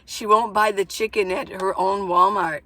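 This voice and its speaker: A woman's voice: medium pitch, fairly even intonation, moderate pace, background noise. A woman vlogging from inside her minivan, chatting casually and rambling through stories. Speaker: van-life vlogger. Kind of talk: casual chat to camera.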